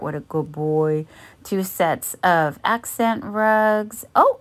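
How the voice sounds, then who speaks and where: A woman talks slowly through a shopping haul voice-over, her pitch sitting in the middle of the range. Her manner is gentle and chatty, and she coos warmly over each cute find. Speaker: vlogger.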